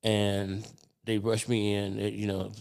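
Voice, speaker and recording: Animated, profane male comedian telling stories. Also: fairly low pitch, slow pace, vocal fry, smooth. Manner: animated, profane, self-deprecating. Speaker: comedian guest. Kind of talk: casual podcast storytelling.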